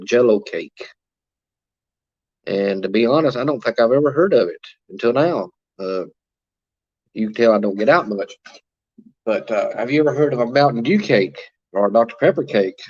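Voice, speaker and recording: A man's voice: mid-range voice, darkish tone, highs cut off. A man hosting a casual livestream, chatting and reading viewer comments aloud with plenty of fillers. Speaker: livestream host reading chat. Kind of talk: casual live-chat talk.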